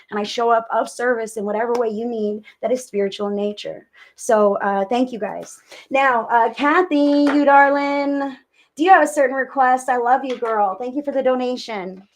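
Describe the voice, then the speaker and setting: A woman hosting a live psychic reading stream, talking to her viewers with gushing affection. Her voice sits a little high, and she rambles warmly from one name to the next. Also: fairly even intonation, normal speed.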